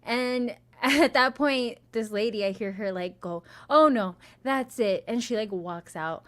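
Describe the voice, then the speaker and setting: Young woman co-hosting a chatty podcast, swears a lot and acts out what people said, voice sits in a middle pitch, loose storytelling. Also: measured pace, fairly bright tone. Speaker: podcast co-host. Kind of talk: casual chat.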